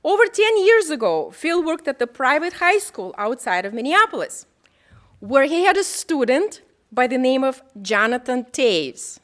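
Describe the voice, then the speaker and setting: A woman's voice: high voice, very animated, moderate pace, sharp tone. A woman hosting an event, introducing the guest speaker with a playful little story. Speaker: event host.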